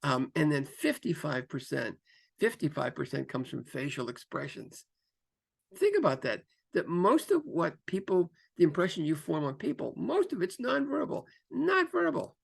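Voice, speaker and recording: At a normal speed, a man with a gravelly, slightly breathy voice delivers instructional career advice to the camera. His manner is animated: he varies pace and tone to stress points, circles back to the same phrases, and uses plenty of fillers.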